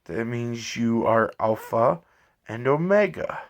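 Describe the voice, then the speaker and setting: A man's voice: medium pitch, expressive, slow. A man voicing a curious, frustrated male telepath who asks earnest, pressing questions. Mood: earnest, questioning.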